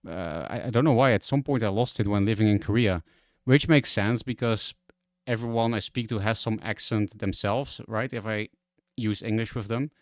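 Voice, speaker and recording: A man's voice: lowish voice, normal speed, no room sound. Young dutch guy ranting on stream, dutch accent, swears a lot, dry close sound. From Netherlands. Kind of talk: casual stream commentary.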